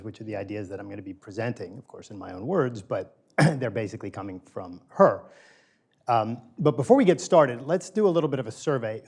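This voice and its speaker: A man's voice: on the low side, darkish tone. A middle-aged man giving a conversational lecture to a small group, polling the audience and repeating key phrases for emphasis. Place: small room with a live audience.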